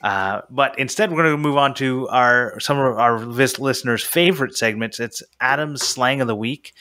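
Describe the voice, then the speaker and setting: A man's voice: mid-range voice, bright, forceful tone. A man hosting a casual woodworking podcast, chatting loosely with fillers and trailing asides. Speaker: podcast host. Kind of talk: casual chat.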